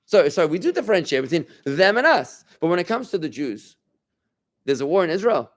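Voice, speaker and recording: A man's voice: a little high, very animated, fairly quick. A rabbi leads an informal class for a small group gathered in a room. He talks in a loose, conversational way, often restarting his sentences. He keeps turning to his listeners with questions.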